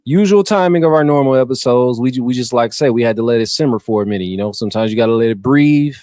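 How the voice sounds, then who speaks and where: A man's voice: mid-range voice, fast, dry recording, clean studio sound. A man hosting a podcast, chatting casually and loosely about a film, often tripping over names. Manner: relaxed, slangy, stumbles over names. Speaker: podcast host. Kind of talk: casual movie-review chat.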